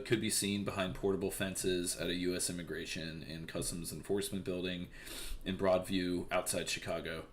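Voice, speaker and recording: A man's voice: low voice, slight background noise. A young man casually reading and commenting on the news, profane and rambling with lots of fillers.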